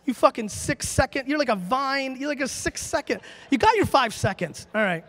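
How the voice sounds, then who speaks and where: Brash, high-voiced man on a reverberant stage. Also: expressive, normal speed, few pauses, a bit bright, some chatter behind. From United States. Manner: brash, emphatic, profane, high-energy. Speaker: conference speaker. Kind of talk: live stage talk with audience Q&A. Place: large conference hall. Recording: long reverb from a conference hall.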